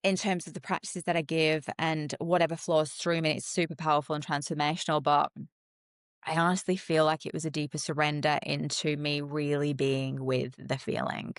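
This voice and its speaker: Low-voiced earnest woman. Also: level tone, normal speed, dry recording, clean studio sound. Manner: earnest, emotional, reflective. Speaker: holistic psychologist guest. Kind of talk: candid podcast conversation.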